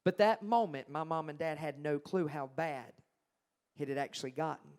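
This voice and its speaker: A man's voice: a little high, moderate pace. Emphatic man telling his testimony. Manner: emphatic, dramatic swings from loud to hushed. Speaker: Christian singer-songwriter giving his testimony. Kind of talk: personal testimony storytelling.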